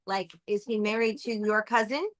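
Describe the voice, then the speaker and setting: A woman's voice: mid-range voice, moderate pace. A woman co-hosting a casual live chat in a restaurant, reading viewer comments aloud and laughing easily.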